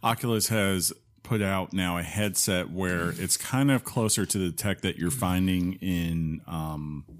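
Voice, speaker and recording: Very deep-voiced male podcast host. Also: measured pace. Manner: rambling, with fillers and self-corrections. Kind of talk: casual chat.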